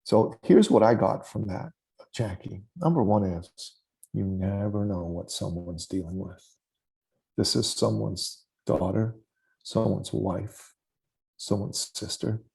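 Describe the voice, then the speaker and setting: A man in his forties with a gravelly, husky voice, talking as a guest in a conversational interview. He tells his story with animation and slips into the voices of the people he quotes. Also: on the low side, darkish tone. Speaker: podcast guest.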